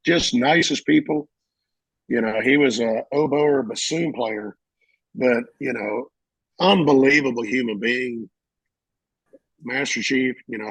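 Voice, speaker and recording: A middle-aged man, a veteran, telling his service stories casually and acting out the shouted lines of others. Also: mid-range voice, husky, no echo, low-quality recording. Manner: animated, acts out shouted quotes. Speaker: veteran interviewee. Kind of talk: casual storytelling.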